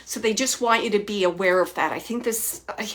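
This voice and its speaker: Soft-spoken woman medium doing a reading. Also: mid-range voice. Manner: soft, halting, lots of restarts and repeated phrases; drops to near-whispers at times. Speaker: psychic medium host. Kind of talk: live spirit reading, relaying messages.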